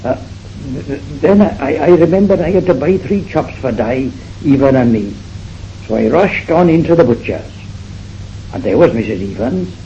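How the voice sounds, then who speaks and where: A man's voice: a little high, expressive, normal speed, mellow. A man doing a flustered Welsh housewife. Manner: flustered, breathless, repeats herself. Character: fretful gossiping middle-aged Welsh housewife. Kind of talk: comic character monologue. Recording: dull old recording with faint hiss.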